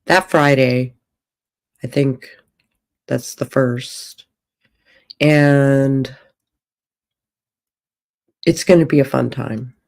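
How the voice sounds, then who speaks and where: A woman talks unhurriedly on a casual livestream, rambling as she thinks out loud. Her voice is mellow and relaxed, and she takes her time. She is speaking from a hotel room. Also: a bass voice, drawn-out words, creaky, pauses often. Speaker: author and streamer.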